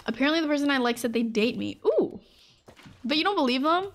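A woman's voice: sits high, expressive, fast. A woman streamer chatting casually with her viewers while she plays, rambling and full of "like". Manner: chatty, rambling, full of "like", acts out little scenes for chat. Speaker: Twitch streamer. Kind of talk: casual live-stream chat while gaming.

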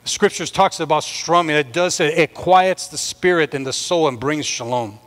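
A man with a high, lifted voice gives a sermon to his congregation. He preaches with mounting fervor, pressing his listeners to come forward. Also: moderate pace, a bit bright, in a large hall. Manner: impassioned preaching, rising and pressing. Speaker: pastor.

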